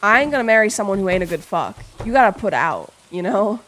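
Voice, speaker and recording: A woman's voice: mid-range voice, sing-song, fast, a bit bright, slight background noise. A young woman streamer chatting casually with her chat, playful and rambling, swearing freely and reading messages aloud.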